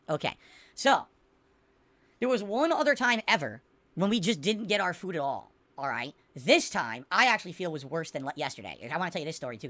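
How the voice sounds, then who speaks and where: Fast-talking exasperated woman podcaster. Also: fairly low pitch, a bit bright. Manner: exasperated, talks to chat viewers. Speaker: podcast host. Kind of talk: casual livestream rant. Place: home room with blinds.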